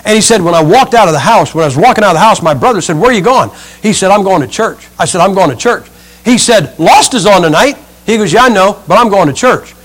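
A man's voice: sits high, animated, fast, fairly bright tone, rough recording. A middle-aged male preacher giving a humorous sermon, acting out the people in his stories. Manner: humorous storytelling, acts out quotes.

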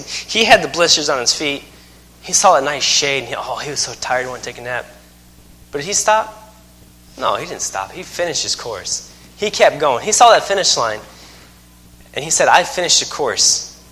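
A man's voice: on the high side, animated, moderate pace, pushed and bright. A man in his thirties preaching a sermon, telling folksy stories with self-mocking humor. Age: 30s. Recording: long hall reverb.

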